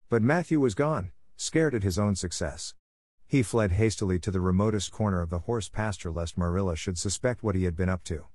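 A man narrating an audiobook with a measured, expressive reading. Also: sits low, dry recording, studio quality.

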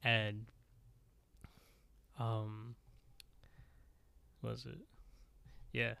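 A man's voice: fairly low pitch, completely flat delivery, drawn-out words, creaky, bright, forceful tone, clean tone, dry recording, clean studio sound. A man casually recapping a drama episode on a podcast, rambling and leaning on "like" as he retells the scenes. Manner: rambling, full of "like" fillers and retold dialogue. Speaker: podcast co-host.

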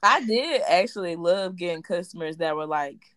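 A woman's voice: on the low side, animated, moderate pace, fairly bright tone, no room sound. A woman in casual chat, telling a customer story and laughing hard at it.

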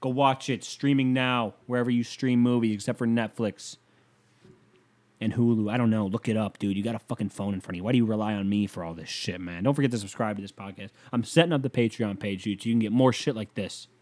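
A young man hosting a podcast alone, rambling through a profane, casual story and now and then breaking into loud whoops. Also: on the low side, steady tone, fast talker. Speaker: podcast host. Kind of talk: casual solo podcast rant.

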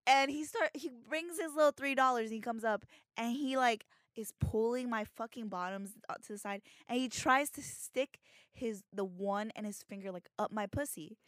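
A woman's voice: on the high side, moderate pace, fairly bright tone, no room sound, clean studio sound. A young woman co-hosting a podcast, telling a work story in casual, profane chat and laughing often. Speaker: podcast co-host.

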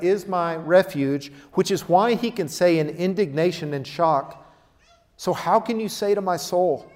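Emphatic preacher man in a reverberant hall. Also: a little high. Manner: emphatic preaching, swings between loud declarations and quiet asides. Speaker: pastor. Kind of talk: sermon.

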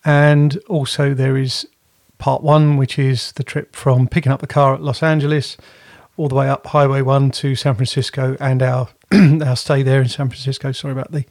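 Chatting casually as a podcast co-host from home, this man rambles and keeps correcting himself. He has a medium-pitched, darkish voice with flat delivery at normal speed, and the sound is clean and studio-like with no echo.

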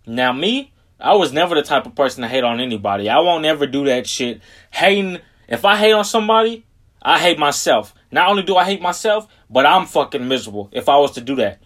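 A young man hosting his own podcast, talking casually and rambling, swearing often and slowing right down to stress key phrases. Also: a little high, expressive, fairly bright tone. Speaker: podcast host. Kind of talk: casual solo podcast talk.

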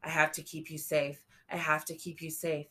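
A man's voice: high voice, drawn-out words, pitched above the performer's own voice. A woman narrator voicing a traumatized young man who pleads and repeats himself. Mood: flat. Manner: pleading, repetitive.

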